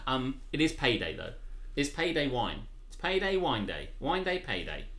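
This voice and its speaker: A man with a refined southern English accent chats playfully as co-host of a home live stream. His voice is bright and lively, and the room gives it a noticeable echo. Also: mid-range voice, normal speed. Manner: playful, bursts into laughter, reads the chat. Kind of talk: casual live-stream chat.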